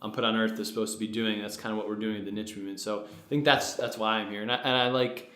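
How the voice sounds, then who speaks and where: A man's voice: on the low side, steady tone, fast talker, fairly bright tone, reverberant. A young man casually co-hosting a podcast, rambling a little with fillers and restarts. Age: young adult. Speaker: podcast founder and co-host. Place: studio with a producer present.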